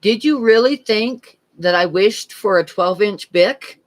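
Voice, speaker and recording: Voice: medium pitch, animated, unhurried, close to an everyday voice. A painting streamer voicing an older male fisherman in a told joke, speaking in a dry, matter-of-fact way.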